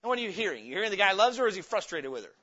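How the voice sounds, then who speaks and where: A man's voice: high voice, very animated, very fast, bright, forceful tone. A man preaching a sermon as pastor, in a folksy, conversational way with homespun stories, in a church. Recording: dull lo-fi sermon recording.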